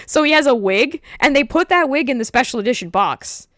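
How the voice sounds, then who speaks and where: A woman hosting a casual stream, chatting in an animated way and laughing often as she explains things from her home setup. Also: sits high, brisk, no room sound, clean studio sound. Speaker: streamer host.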